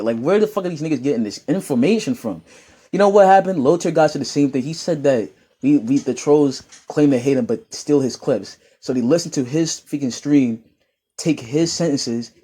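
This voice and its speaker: Young dude from new york roasting comments, laughs a lot, kinda husky. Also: male voice, medium pitch. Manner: laughing, mocking, animated rants. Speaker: YouTuber reading comments. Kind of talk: casual commentary reading comments.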